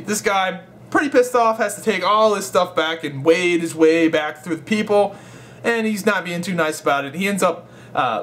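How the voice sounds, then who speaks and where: A man's voice: on the high side, fairly bright tone, slight background noise. Rambling young man telling a storytime. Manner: rambling, swears a lot, laughs while telling. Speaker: gaming vlogger. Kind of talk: casual storytime vlog.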